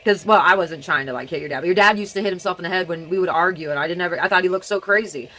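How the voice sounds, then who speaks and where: Woman vlogger, slightly low voice but childlike delivery, rambling casual home monologue. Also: rapid-fire, bright, forceful tone, poor audio. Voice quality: childlike way of speaking. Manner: rambling, jumps between topics.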